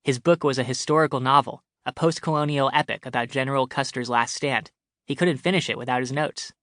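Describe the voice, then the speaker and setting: A man's voice: mid-range voice, fairly quick, a bit bright, no room sound. A man narrating his comic short story as a scripted audiobook, with a wry, dry delivery on a close studio mic.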